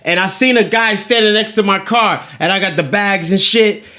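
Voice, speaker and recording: Man, very high pitch, sharp bright tone; animated, profane podcast host spinning a story. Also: normal speed. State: winded. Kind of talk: casual storytelling chat.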